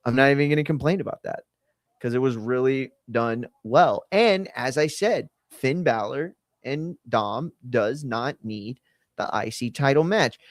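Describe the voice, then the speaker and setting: A man talks through a live broadcast in loose, rambling commentary. He keeps stopping to correct himself and circles back to his points. His voice sits at a middling pitch and sounds close and dry, with no room echo. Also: a little slow. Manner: rambling, self-correcting, conversational. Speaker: host. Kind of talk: live watch-along commentary.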